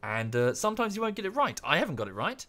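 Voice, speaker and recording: This young British streamer and YouTuber speaks in a high, slightly bright voice with big pitch swings and a quick pace. Gaming live, he chats casually in a rambling rant, often correcting himself.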